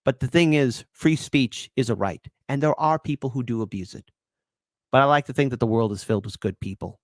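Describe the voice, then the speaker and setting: Indignant host, dry close sound. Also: male voice, medium pitch, fairly quick, no room sound. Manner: animated, indignant, rambling. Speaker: commentary host. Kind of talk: opinion commentary.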